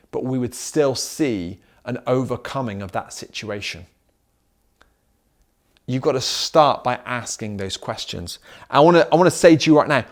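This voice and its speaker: A middle-aged man preaching a sermon as pastor, driving his points home with repeated questions. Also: mid-range voice. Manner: emphatic preaching with rhetorical questions.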